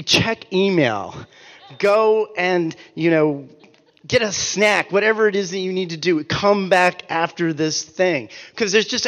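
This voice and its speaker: A man in his forties telling comic stories in an animated, ranting way, swearing and breaking off his own sentences. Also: sits high, in a large hall, muffled recording. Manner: animated, ranting, profane, self-interrupting. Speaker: author and speaker. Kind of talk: comic storytelling talk.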